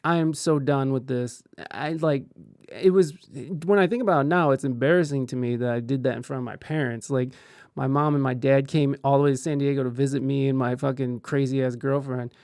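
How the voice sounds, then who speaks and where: A man's voice: mid-range voice, steady tone, fairly quick, a little mellow, clear, resonant tone, no room sound, studio quality. A man streaming live, chatting casually and telling rambling, profane stories while reacting to videos.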